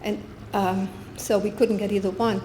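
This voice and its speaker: A woman's voice: medium pitch, level tone, moderate pace, dark tone, a little hiss or hum. Older woman telling a story, echoey room. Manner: earnest, storytelling with quoted dialogue. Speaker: guest speaker. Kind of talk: personal testimony talk. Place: spiritual center meeting room. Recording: echoey room with faint ambience.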